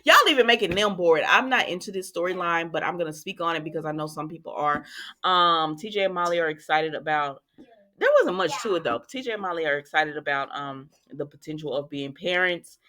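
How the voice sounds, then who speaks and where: A woman's voice: sits low, brisk. Chatty woman recapping soap episodes. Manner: chatty, retells scenes acting out the lines with lively reactions. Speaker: soap opera recap host. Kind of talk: casual chat.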